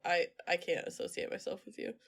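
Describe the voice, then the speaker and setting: A woman's voice: on the low side, fairly quick, vocal fry, fairly bright tone, breathy edge. A woman guest on a book podcast, chatting casually with emphatic, laughing asides. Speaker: guest reader.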